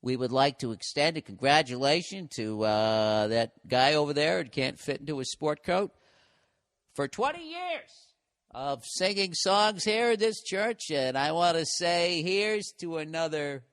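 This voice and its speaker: A male comedian voicing a pompous middle-aged church preacher making a slow, ceremonious announcement. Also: fairly high pitch, lively intonation, fairly bright tone.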